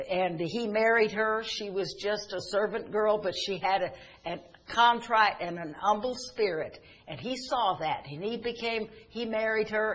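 A man's voice: sits high, fairly bright tone. A man preaching a sermon, earnestly retelling Bible stories in quoted speech.

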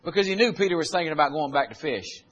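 Guy preaching, voice sits up high, folksy storytelling that climbs into loud exhortation. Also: animated, fast, slightly rough, dull audio. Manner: retells scripture in plain folksy speech. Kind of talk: sermon.

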